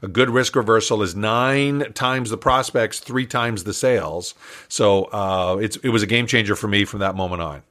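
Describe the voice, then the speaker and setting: An older man, a business coach, telling an animated story as a podcast guest and acting out the dialogue with chuckles. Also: lowish voice, moderate pace.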